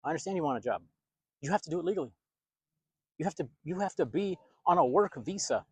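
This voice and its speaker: A man's voice: a little high, lively intonation, fast, a little mellow, slightly rough, dry recording. A man who works as a pastor and video host, from the United States, preaching in a blunt, emphatic and confrontational monologue.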